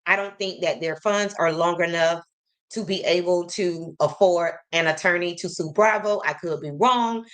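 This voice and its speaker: Chatty woman with a lowish voice, gossiping. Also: fairly bright tone. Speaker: celebrity gossip commentator. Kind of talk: casual commentary.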